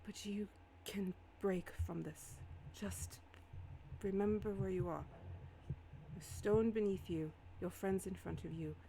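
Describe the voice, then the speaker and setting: A woman's voice: mid-range voice, steady tone, takes it slowly, vocal fry, dark tone, slight background noise. Woman doing an earnest pleading young man. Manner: apologetic, soothing.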